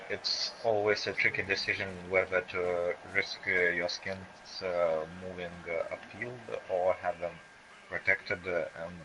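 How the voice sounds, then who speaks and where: Slow, deep-voiced, hesitant male co-commentator. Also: sharp tone, highs cut off, a little hiss or hum. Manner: hesitant, many fillers. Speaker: game co-commentator. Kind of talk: video game match commentary.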